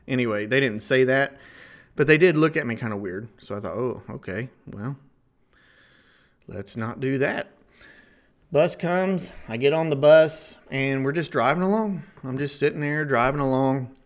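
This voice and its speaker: A man from Ohio with a rural Ohio River valley accent, casually telling a comic travel story as a podcast host, folksy and animated. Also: medium pitch, unhurried. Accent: Ohio River valley, rural Midwestern. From Ohio, USA. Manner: folksy, chuckling, animated retelling.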